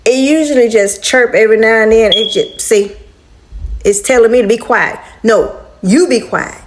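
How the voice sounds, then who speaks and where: A woman's voice: fairly high pitch, moderate pace, a little hiss or hum. A woman venting in a casual home vlog, exasperated and talking straight to her viewers. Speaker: vlogger. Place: apartment at home.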